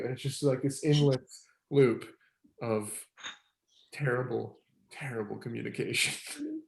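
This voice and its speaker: A man facilitating a circling group, talking in a relaxed, rambling way with many fillers and laughs. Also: mid-range voice, measured pace, gravelly, long pauses, reverberant. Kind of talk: casual teaching talk.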